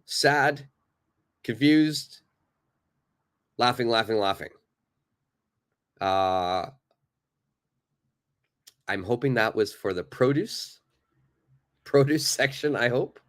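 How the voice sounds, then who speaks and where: A man's voice: medium pitch, a bit bright. A man teaching a live online English lesson, chatting loosely with many fillers and reading from the chat.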